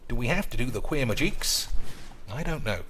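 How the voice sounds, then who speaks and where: A man's voice: medium pitch, animated, normal speed, noisy background. A man giving teasing, drawling commentary on his gameplay stream. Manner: drawling, teasing, addresses viewers as boys and lads.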